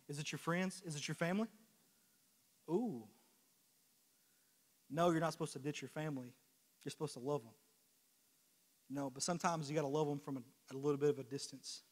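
A young man preaching with passion, his voice sitting somewhat high for a man. He stacks rhetorical question on question, and the sound carries a long reverb from a church hall. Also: a little fast, long pauses. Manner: impassioned, swinging from quiet confession to loud exhortation. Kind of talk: sermon. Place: church sanctuary.

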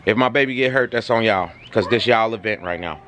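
Filming on a handheld phone in his windy backyard, a dad runs a relaxed family vlog, talking casually to viewers and encouraging his kids. His voice is lowish and brisk, with a crowd audible in the background and wind on the recording.

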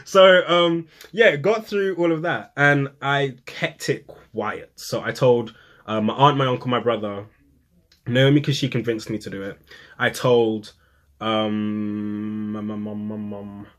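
A young man, a poet and vlogger, telling a personal story in casual talk to camera, acting out quotes with sudden high, excited bursts. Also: unhurried.

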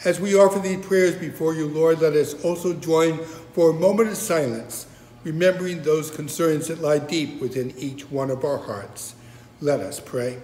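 A man leading prayer and preaching as pastor, measured and solemn, recorded in a church sanctuary. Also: a little high, darkish tone, a little hiss or hum. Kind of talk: prayer and sermon. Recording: reverberant hall.

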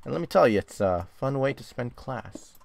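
A young man hosting a gaming video, chatting casually and often swearing and yelling when startled, recording in a dark closet. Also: mid-range voice, animated, normal speed, vocal fry, dry recording. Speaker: gaming channel host. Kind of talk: casual game commentary.

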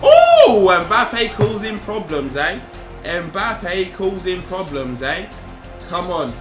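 A young man commentating his own football video game, animated and easily exasperated, full of slang. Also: high-pitched, slow. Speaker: gaming YouTuber. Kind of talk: excitable gameplay commentary. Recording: roomy sound with game music. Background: video game music and sound.

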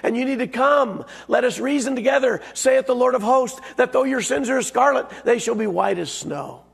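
A man preaching a sermon in a hoarse, raspy voice. He talks in a folksy, emphatic way and punches his key words. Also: extremely high pitch, expressive, moderate pace. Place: church sanctuary. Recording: long reverb of a church sanctuary.

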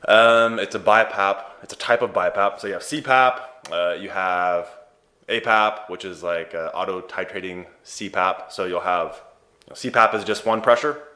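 A man with a deep, low voice hosts an advice channel and walks viewers through the material. His talk is casual and chatty, and he drops in playful joking asides as he explains. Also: normal speed, sharp tone. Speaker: host of a sleep therapy advice channel.

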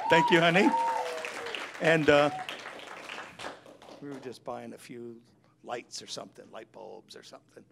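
Middle-aged man, preaching; gravelly and slightly high, storytelling style. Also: fairly bright tone. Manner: chatty storytelling, acts out quotes. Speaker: pastor. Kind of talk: sermon.

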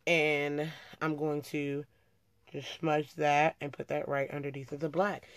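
In studio-quality sound with no room noise, a young beauty vlogger speaks in a low, steady voice at a measured pace. She chats casually through her makeup tutorial, working as she talks and often correcting herself.

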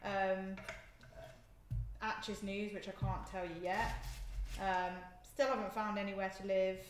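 A young woman cooks in her home kitchen during a live stream, chatting and often giggling with viewers as she moves around. Her voice is medium in pitch and level in tone, and she takes her time speaking. The kitchen sounds echoey, with faint noise in the background.

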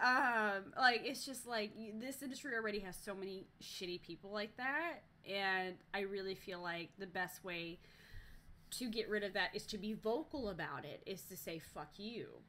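A young woman live-streaming, telling a story in a casual, animated way, swearing often and restarting sentences. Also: mid-range voice, measured pace, slight background noise. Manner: animated, profane, lots of fillers and restarts.

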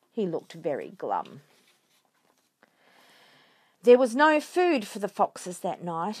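A woman reading a children's storybook aloud, expressive and lively. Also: on the low side, no echo.

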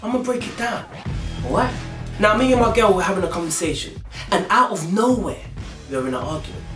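A man's voice: sits high, lively intonation, a little fast, far from the mic. A young man addressing the camera in a comedy sketch, preachy and mocking. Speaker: sketch narrator. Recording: roomy echo, away from mic, music.

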